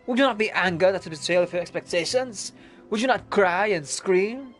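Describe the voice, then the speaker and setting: A woman's voice: medium pitch, a little fast, soft background music, natural voice. A woman voicing an indignant, theatrical man who rants in grand rhetorical questions.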